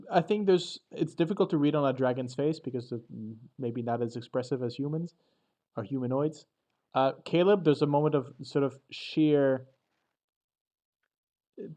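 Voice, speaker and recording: A man narrating as game master, halting and restarting as he describes the scene. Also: on the high side, dark tone, lo-fi sound. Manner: halting, full of fillers and restarts.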